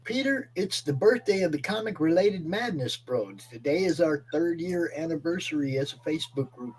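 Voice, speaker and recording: A man's voice: on the high side, lively intonation, moderate pace, low-quality recording. A man playing a board game on a livestream, joking and swearing freely. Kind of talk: casual tabletop game livestream.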